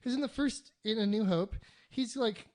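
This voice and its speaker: A casual podcast co-host who rambles and swears freely. Their mid-pitched voice stays conversational and slips into brief mock voices for the characters. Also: moderate pace, a little mellow.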